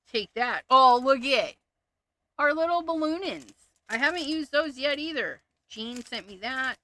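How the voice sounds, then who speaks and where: A woman's voice: a little high, sharp tone, a little hiss or hum. A woman hosting a casual crafting livestream, chatting and giggling as she sorts through her stamps. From Canada. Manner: chatty, giggly, thinks aloud.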